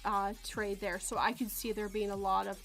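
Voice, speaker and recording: A woman's voice: medium pitch, little pitch movement, normal speed, fairly bright tone, faint music behind. A woman from Canada hosting a casual podcast chat, rambling and correcting herself as she goes, often laughing. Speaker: podcast host.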